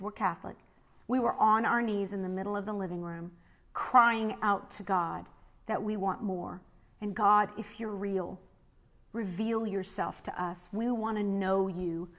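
A middle-aged woman telling a personal faith story, quoting others as she goes. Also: mid-range voice. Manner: animated, quotes others in her own voice. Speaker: speaker sharing a faith story.

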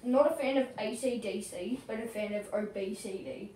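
A woman playing an excitable, competitive friend in a homemade kids' web drama, with a high, bouncy delivery that jumps quickly to shouting. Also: slight background noise, natural voice. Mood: apologetic. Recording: echoey room, mic far off.

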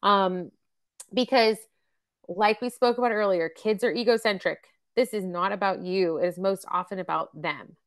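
A woman's voice: mid-range voice, normal speed. A woman in her thirties or forties presenting a parenting webcast, talking casually with lots of fillers and acted-out examples. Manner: chatty, with many fillers and acted-out example quotes. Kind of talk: casual teaching talk.

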